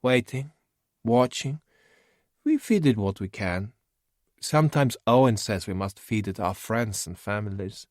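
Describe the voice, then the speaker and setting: A man's voice: lowish voice, lively intonation, a little slow, darkish tone, no echo, clean studio sound, pitched above the performer's own voice. A man voicing a simple, childlike cave creature who talks in a naive, earnest way in a storybook.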